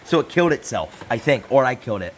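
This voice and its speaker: A man's voice: medium pitch, sing-song, fast talker. Rambling young man in a garage. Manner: rambling, self-interrupting, apologetic asides. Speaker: channel host. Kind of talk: casual repair vlog. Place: hot garage.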